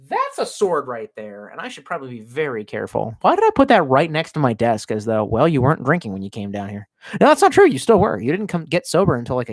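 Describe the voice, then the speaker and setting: A man from the States streaming from his home basement, his pitch swinging widely as he rants. He swears freely, argues with himself, and bursts into yells, with a dry, close sound. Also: no room sound. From United States. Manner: profane, ranting, talks to himself, sudden yells. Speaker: live streamer reading chat. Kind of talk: profane rambling stream chat.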